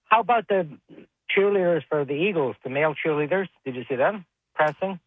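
A chatty male caller with a slightly high voice. He fires off quick questions over a thin, tinny phone line. The line sounds dry. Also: husky, no room sound.

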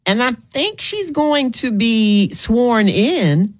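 A woman's voice: a little high, big pitch swings, slow. A woman radio host, chatting with callers in an emphatic, repetitive way. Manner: chatty, emphatic, repeats herself. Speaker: radio talk show host. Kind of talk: call-in radio talk.

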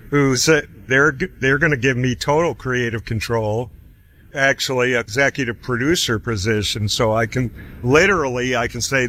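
A middle-aged man telling a personal story in a casual way, acting out the voices of others and chuckling often. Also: medium pitch. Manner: animated, acts out quoted voices, chuckles often. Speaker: guest telling his story.

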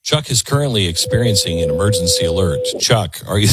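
A man's voice: low voice, expressive, fairly quick, very noisy. A man hosting a call-in radio talk show, earnest and reflective, often repeating words as he searches for them.

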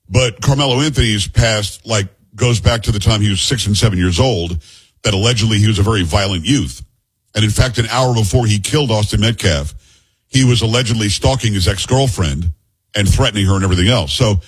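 A man's voice: lowish voice, slightly rough. A middle-aged man hosting a podcast in casual chat, rambling into joking asides and teasing his co-host. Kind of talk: casual talk-show chat.

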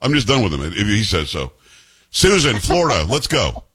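A man hosting a call-in radio talk show, brash and argumentative, teasing his callers and co-host, with a husky voice. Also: fairly low pitch, wildly swooping pitch, moderate pace, fairly bright tone.

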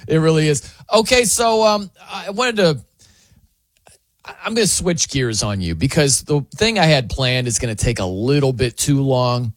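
Male sports radio host, animated storyteller with a swooping delivery, dry studio sound. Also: fairly high pitch, normal speed, dry recording. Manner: animated, chatty, laughs often. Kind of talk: casual sports talk monologue.

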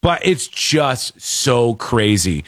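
A man's voice: mid-range voice, sing-song, drawn-out words, fairly bright tone, no echo, studio quality. A man telling a story in casual chat, acting out the people in it with shifting voices. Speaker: podcast host.

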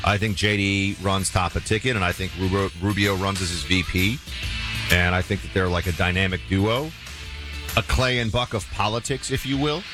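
A man hosting a talk radio show, taking calls in a relaxed, conversational way. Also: low voice, normal speed, over music. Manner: relaxed, conversational, a few filler restarts.

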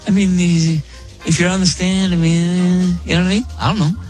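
A man's voice: high voice, moderate pace, faint music behind. A man hosting a radio show, chatting casually and joking as he reads listener emails. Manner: animated, joking, laughs often. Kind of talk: casual on-air banter reading listener emails.

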